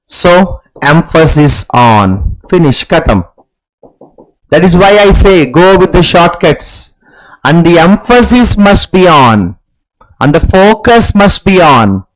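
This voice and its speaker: A man teaching an exam-prep class online, repeating key phrases over and over and clearing his throat often. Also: a little high, rough recording. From India. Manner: repetitive drilling, frequent throat-clearing. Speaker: English teacher.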